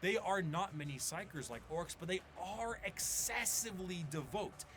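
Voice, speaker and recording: A man reading scripted explainer narration with a measured, wry delivery. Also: high-pitched, lively intonation, a bit bright, slightly rough. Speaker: video narrator.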